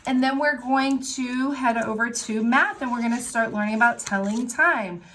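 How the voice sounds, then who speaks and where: A woman teacher giving a recorded lesson to young children, explaining worksheets step by step in a clear, patient way. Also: fairly high pitch, normal speed, a bit bright, slight background noise. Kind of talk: recorded remote class lesson.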